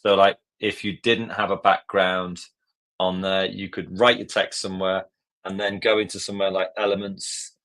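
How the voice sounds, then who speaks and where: A man's voice: sits low, level tone, moderate pace, a bit bright. Chatty man hosting a live tutorial. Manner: chatty, jokey, step-by-step. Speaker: tutorial host.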